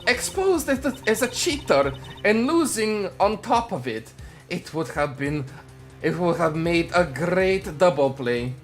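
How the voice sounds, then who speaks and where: Faint music sits behind a man's high-pitched, very animated performance as a conniving female card dealer. He fakes a Russian accent and draws out his lines slowly, slyly, and boastfully for a fan-made game voice-over.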